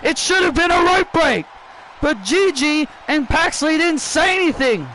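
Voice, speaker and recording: A man giving excited play-by-play commentary on a wrestling video game, often repeating and restarting his phrases. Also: very high voice, measured pace, a little hiss or hum, low-quality recording. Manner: repeats and restarts phrases, shouts at big moments.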